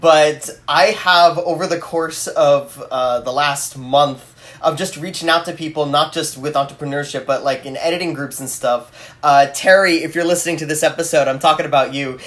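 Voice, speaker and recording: Joking animated man co-hosting a podcast. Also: on the high side, moderate pace. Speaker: podcast co-host. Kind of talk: casual interview chat.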